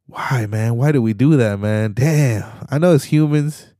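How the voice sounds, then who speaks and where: A man's voice: mid-range voice, unhurried, warm tone, no room sound, clean studio sound. A young man hosting a podcast solo, ranting in loose, slangy, profane talk and tacking "man" onto nearly every sentence. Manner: slangy, profane, rambling, says "man" constantly. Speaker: podcast host. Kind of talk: casual solo podcast rant.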